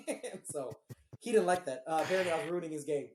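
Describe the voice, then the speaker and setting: A woman's voice: sits low, a little fast, reverberant, a little hiss or hum. A woman co-hosting a podcast, telling a story in casual chat, swearing freely and acting out what others said. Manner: animated, swears freely, acts out quoted dialogue. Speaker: podcast co-host.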